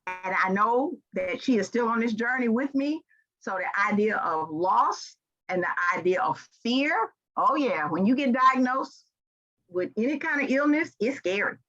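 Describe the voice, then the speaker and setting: Her voice is a little high and fairly bright, her intonation lively, her pace measured: an older Memphis woman with a Southern accent giving a folksy, heartfelt motivational keynote to an audience, recorded with dull lo-fi sound.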